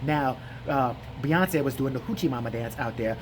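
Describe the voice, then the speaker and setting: A man imitating an older male interviewer who talks in a slow, flat, drowsy drawl. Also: mid-range voice, background noise, voice pushed down, close to an everyday voice. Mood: provoking.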